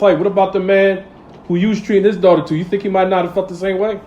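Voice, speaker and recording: Man, sermon preacher, high voice, rhetorical questions, street-style talk. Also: little pitch movement, fast talker, warm tone, dull audio, a little hiss or hum. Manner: call-and-response questions, acts out little scenes; street-flavored casual English. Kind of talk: Friday sermon.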